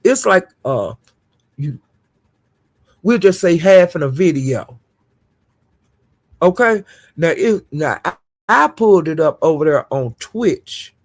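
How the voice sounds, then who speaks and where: A woman's voice: deep voice, lively intonation, takes it slowly, long pauses. A woman vlogger giving casual gossip commentary to her viewers, blunt, profane and indignant.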